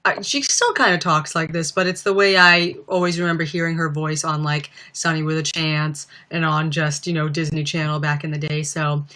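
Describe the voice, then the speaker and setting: A woman's voice: low-pitched, little pitch movement, moderate pace, hardly any pauses, pushed and bright. Giggly young woman chatting on a livestream. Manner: giggly, rambling, lots of "like". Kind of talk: casual live-stream chat. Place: home.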